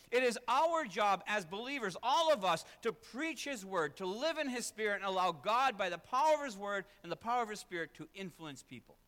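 A man preaching in a church sanctuary, his voice pitched high and bright with a tense edge. He presses his points by repeating key phrases and slips in wry asides about himself. The sound carries a long reverb from the large room. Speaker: pastor. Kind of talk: sermon.

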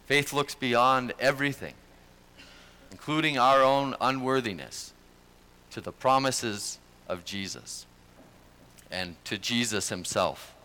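A man's voice: mid-range voice, slow pace, pauses often, pushed and bright, clear, resonant tone. A man preaching a sermon as pastor, speaking in an earnest, conversational way.

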